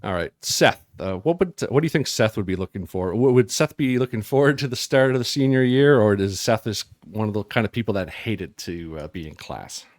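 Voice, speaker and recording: A man's voice: fairly low pitch, expressive, a little fast, few pauses, dry recording, clean studio sound. A man running a tabletop game as game master, asking his players easygoing questions.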